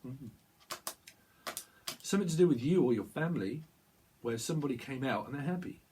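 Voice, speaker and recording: A man's voice: medium pitch, expressive, fairly quick, background noise. A man giving a rambling tarot reading, talking to himself, repeating words and breaking off mid-thought. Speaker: tarot reader.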